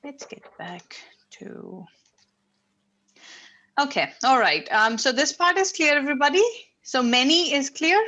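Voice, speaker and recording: A woman's voice: high voice, animated, measured pace, long pauses, bright, forceful tone. A woman teaching an English class over a video call, explaining patiently step by step with frequent fillers. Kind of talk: online class instruction.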